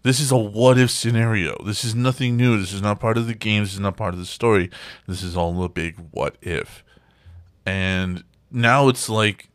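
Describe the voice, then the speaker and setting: Low-voiced man ranting on a podcast. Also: moderate pace, dry recording. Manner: swearing, animated ranting. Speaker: podcast host. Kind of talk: casual chat.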